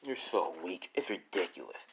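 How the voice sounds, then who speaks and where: A cruel grown thug who sneers and taunts, low-voiced and mocking, as a man puts him on while telling a fan story. The delivery is casual and unpolished, like someone acting out lines on the fly. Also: sing-song, normal speed, slight background noise.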